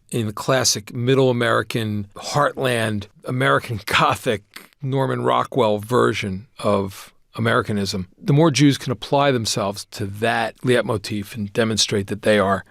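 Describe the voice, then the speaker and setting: Gravelly man in thoughtful podcast talk. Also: mid-range voice, moderate pace, few pauses, a bit bright, no echo, clean studio sound. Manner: thoughtful, discursive, laughs easily. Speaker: series creator, guest. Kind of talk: conversational interview.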